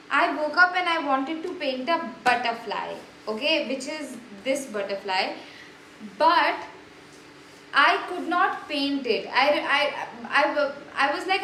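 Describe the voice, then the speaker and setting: Chatty spiritual vlog host, a woman with a high bright voice, effusive, echoey room. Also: slight background noise. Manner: chatty and effusive, many fillers and restarts. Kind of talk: casual spiritual vlog talk.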